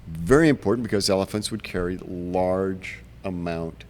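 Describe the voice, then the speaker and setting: A man's voice: low voice, moderate pace. A man in his seventies, a veteran guest on a podcast, telling stories in a casual way and acting out the voices of the people he quotes. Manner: animated, acts out quoted voices. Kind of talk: casual storytelling.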